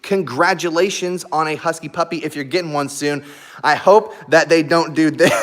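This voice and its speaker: A man's voice: a little high, moderate pace, fairly bright tone, a little hiss or hum. A man hosting a live stream, chatting casually with viewers and laughing often while he plays with and talks to his dogs. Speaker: YouTube live stream host.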